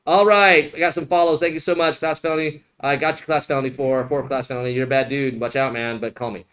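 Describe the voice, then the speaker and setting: A man's voice: medium pitch, fairly even intonation, quick pace, a bit bright. A male immigration attorney answering viewer questions in a casual, joking livestream Q&A, blunt and given to rambling asides.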